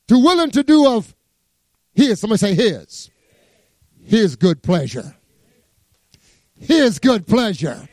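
A man preaching a sermon as pastor, quoting scripture with humor and swinging from soft asides to rising emphasis. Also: high-pitched, big pitch swings, takes it slowly, long pauses, no echo, clean studio sound.

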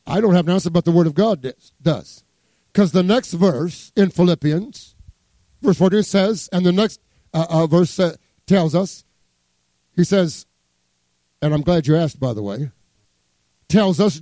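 Male pastor, high voice, joking sermon with soft asides and building emphasis, dry close mic. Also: no room sound. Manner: preaching with humor, quoting scripture, swinging between soft asides and rising emphasis.

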